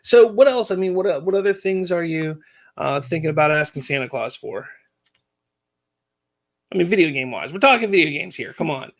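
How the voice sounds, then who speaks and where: A man's voice: on the high side, lively intonation, normal speed, long pauses. A man in his thirties hosting a casual family chat as a father, easygoing and joking, chuckling often. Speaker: podcast host and father.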